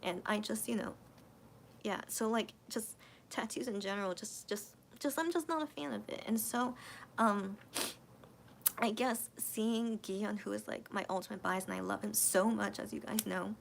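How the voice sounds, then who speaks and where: Gravelly-voiced woman chatting on a livestream. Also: medium pitch, moderate pace, a little hiss or hum. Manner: hesitant, thinking aloud with many restarts. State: emotional, voice cracking near tears. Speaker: livestream host reading viewer comments. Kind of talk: casual late-night livestream chat.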